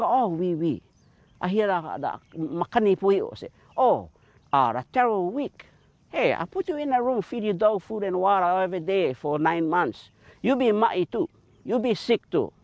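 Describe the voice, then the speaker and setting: A man with a Hawaiian Pidgin accent, a taro farmer giving an animated teaching talk outdoors on his farm, pointing things out. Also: on the high side, dry recording, dull audio.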